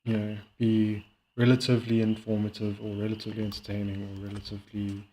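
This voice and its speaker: A man chatting casually while playing a game and reacting to a video, rambling and halting with many fillers. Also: lowish voice, completely flat delivery, dark tone, a little hiss or hum. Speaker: streamer. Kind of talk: casual gaming commentary.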